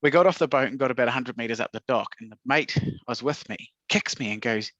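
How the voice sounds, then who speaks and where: A man's voice: medium pitch, quick pace, fairly bright tone, no room sound. A man co-hosting a podcast, telling stories against himself in casual chat. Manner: self-mocking storyteller, laughs at himself. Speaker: podcast co-host. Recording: dull dry lo-fi recording.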